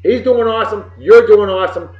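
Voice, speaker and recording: A middle-aged man hosting a web show from home, giving casual birthday shout-outs in a boisterous, folksy, wisecracking way with some swearing. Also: high-pitched, fairly quick. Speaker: show host. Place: home room with computer behind him. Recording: roomy, dull lo-fi webcam audio.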